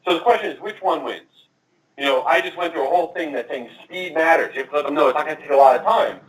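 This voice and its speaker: A man giving a marketing presentation at a conference, talking fast and addressing the audience directly. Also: a little high. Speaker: conference speaker. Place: conference room. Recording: echoey and distant from the mic.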